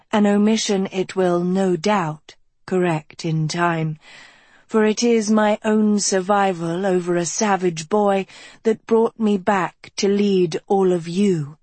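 A woman's voice: fairly low pitch, fairly even intonation, takes it slowly, darkish tone, no echo. A woman voicing an imperious female school dean, stately and resounding, in an audiobook. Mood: grand. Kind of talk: audiobook character voice.

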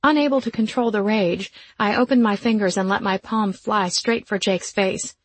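A woman's voice: medium pitch, moderate pace. A woman reading a first-person audiobook in a wry, sardonic storytelling manner. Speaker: audiobook narrator.

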